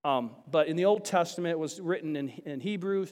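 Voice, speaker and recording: A man preaching a sermon to a congregation, chatty with restarts and then rising to animated, emphatic bursts. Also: fairly high pitch, a little fast. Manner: chatty asides, frequent restarts. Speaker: pastor. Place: large church sanctuary. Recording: long hall reverb.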